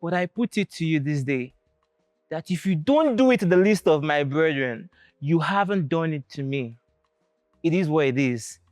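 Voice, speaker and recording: A woman's voice: low-pitched, animated, moderate pace, darkish tone, dry recording, studio quality, faint music behind. A female acting contestant performing a stage monologue as a wronged, righteous speaker rebuking a powerful man, in an accusing delivery that swings up and down.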